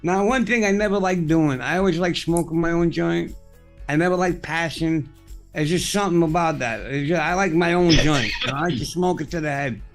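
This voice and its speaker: A man's voice: on the high side, a little fast, faint music behind. A man hosting a podcast, chatting casually as a rambling, profane storyteller. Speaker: podcast host. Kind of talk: casual chat.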